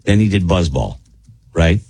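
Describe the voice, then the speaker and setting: Gravelly-voiced man hosting radio chat. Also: low voice, very animated, a little slow, mellow. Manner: rambling, easygoing, many fillers. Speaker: radio show host. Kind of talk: casual morning radio chat.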